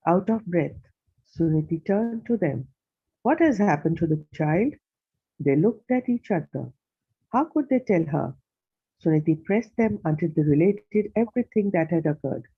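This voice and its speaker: A person reading a children's story aloud in a measured, careful way, over call audio. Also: medium pitch, expressive, slightly rough, phone-quality sound. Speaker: class reader.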